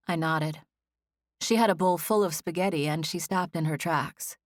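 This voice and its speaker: A woman reads a first-person novel aloud in a gentle, even voice that sits a little low. The studio sound is dry and close, with no room around it. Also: moderate pace, no echo. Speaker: audiobook narrator. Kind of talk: scripted first-person narration.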